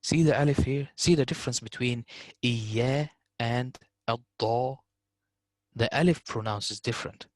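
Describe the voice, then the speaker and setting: Male tutor, mid-pitched, dry recording; demonstrates sounds, repeats them slowly, casual asides to students. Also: no echo. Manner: hesitant fillers, informal address to students. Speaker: Quran recitation teacher. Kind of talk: online tajweed lesson.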